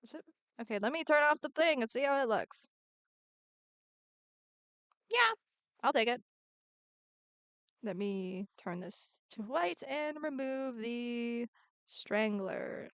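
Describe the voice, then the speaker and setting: A woman's voice: a little high, lively intonation, slow, long pauses, fairly bright tone, no room sound. A woman streaming as she draws, chatting in a bubbly way, answering her chat and muttering to herself as she works. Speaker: art streamer. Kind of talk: casual live-stream chat while drawing.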